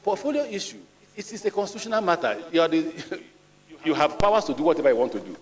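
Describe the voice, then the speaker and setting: A middle-aged man from Nigeria with a Nigerian accent, a nominee answering questions at a formal hearing in a deliberate, measured way and mixing in stories. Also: fairly high pitch, very animated. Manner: deliberate, measured, with storytelling asides. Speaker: ministerial nominee before a senate. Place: large legislative chamber. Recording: long reverb of a large chamber.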